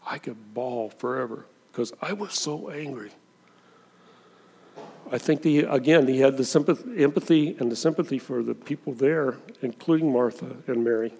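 A man's voice: medium pitch, normal speed, dark tone, husky, in a large hall. A man preaching a sermon as pastor, talking conversationally and dramatizing the scripture he reads.

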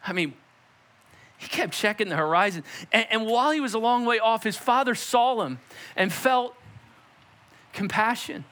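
A young adult man preaching a sermon as a pastor, telling stories and acting out quotes with lively shifts in voice. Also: sits high, moderate pace, long pauses. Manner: animated storytelling preacher, acts out quotes.

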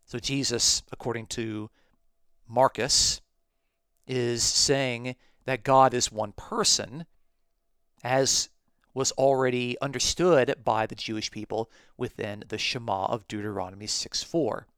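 A man hosting a talk podcast, reading from commentaries and explaining them in a measured way. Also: medium pitch, steady tone, fairly bright tone, clear, resonant tone, no echo. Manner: measured, explanatory, quotes sources aloud. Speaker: podcast host.

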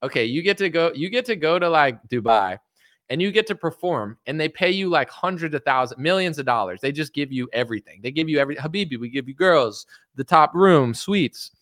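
A man's voice: fairly high pitch, expressive, quick pace, fairly bright tone, no echo. A man hosting a casual comedic livestream, joking and rambling with plenty of fillers. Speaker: show host.

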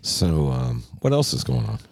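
Brief: male podcast co-host, deep voice with a wide swinging lilt, profane jokey banter, dry close mic. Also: big pitch swings, moderate pace, gravelly, no echo. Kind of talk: casual chat.

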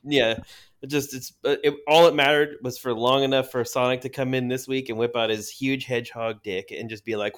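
Dude hosting a podcast, rambly and loose, mid pitch, lots of uh and like. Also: male voice, steady tone, a little fast. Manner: loose, rambling, hesitant fillers. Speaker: podcast host. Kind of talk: casual chat.

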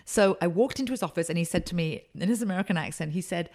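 A woman consultant and speaker, telling emphatic, animated stories as a guest in a podcast interview. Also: lowish voice, fast talker, hardly any pauses.

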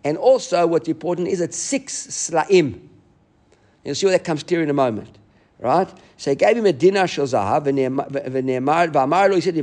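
A man teaching a Talmud class explains the text quickly and animatedly, mixing in Hebrew and Aramaic terms. His voice is a little high and a little mellow.

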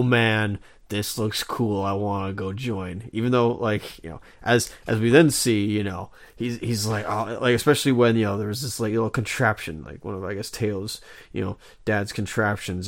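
A man co-hosting a podcast, chatting casually in a rambling way with many fillers and restarts. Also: fairly low pitch. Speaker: podcast co-host. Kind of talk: casual chat.

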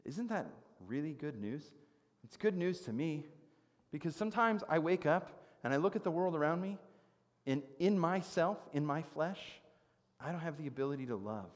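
A man in his thirties preaches a sermon as a pastor, earnest and conversational, posing rhetorical questions and slipping in prayerful asides. His voice is fairly high, and a long reverb tail trails after it.

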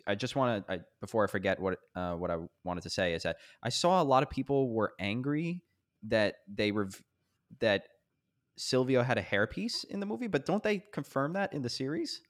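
A man in casual film discussion, speaking hesitantly in trailing phrases. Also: mid-range voice.

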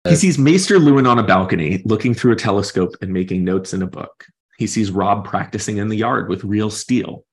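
Low gravelly man recapping a book. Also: fairly quick. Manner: thoughtful, retells the story at length in his own words. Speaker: podcast host. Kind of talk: casual book discussion and chapter recap.

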